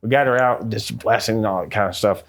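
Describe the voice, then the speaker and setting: A middle-aged American man, a guest on an interview, telling a ghost story with lively acted-out quotes. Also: on the low side, quick pace, gravelly. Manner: acts out quotes in a raised excited voice.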